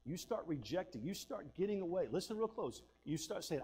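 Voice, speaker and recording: Folksy preacher man, fairly high voice. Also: lively intonation, brisk, hardly any pauses. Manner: folksy storytelling, swings between loud and hushed. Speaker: pastor. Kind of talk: sermon with personal stories.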